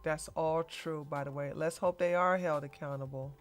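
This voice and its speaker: A woman hosting a casual commentary livestream, chatty and animated, laughing as she reacts. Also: low-pitched, normal speed, faint music behind. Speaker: livestream host.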